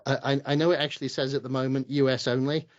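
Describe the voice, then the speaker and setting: A man's voice: mid-range voice, little pitch movement, fast, muffled recording. A man hosting a podcast interview, enthusiastic and chatty, with frequent restarts. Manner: enthusiastic, many restarts and stammers. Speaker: podcast host. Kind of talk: casual interview chat.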